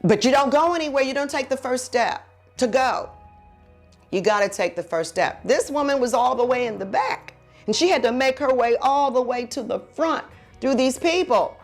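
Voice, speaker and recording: A woman's voice: high-pitched, expressive, normal speed, faint music behind. A woman preaching a heartfelt sermon, telling her own story and then leading a prayer in an earnest, exhorting way.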